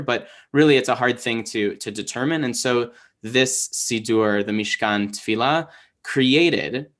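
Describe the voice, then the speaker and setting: A man's voice: medium pitch, a bit bright. A man teaching an online Hebrew class, explaining patiently with lots of fillers and restarts over a video call.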